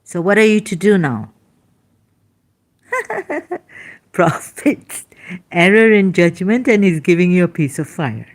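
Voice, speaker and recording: A woman's voice: fairly low pitch, lively intonation, moderate pace. A woman in pain giving an emphatic, rambling lecture, scolding her listeners. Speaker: religious critic. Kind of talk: lecturing monologue.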